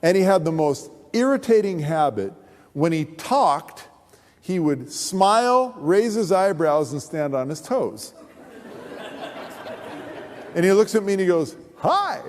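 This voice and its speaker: A man pastor telling his testimony in a sermon, as an animated, humorous storyteller. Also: high-pitched, a little slow, pauses often, a little hiss or hum. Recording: long hall reverb.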